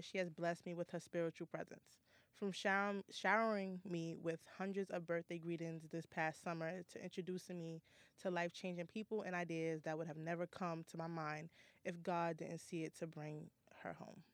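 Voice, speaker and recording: A woman guest reading a heartfelt prepared tribute to a friend, slow and tender. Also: fairly low pitch, level tone, no echo.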